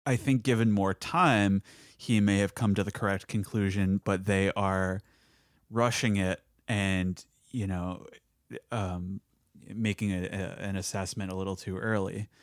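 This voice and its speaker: A man guesting on a podcast, talking in a hesitant, halting way with many restarts. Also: deep voice, steady tone, no room sound, studio quality. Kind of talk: casual podcast chat.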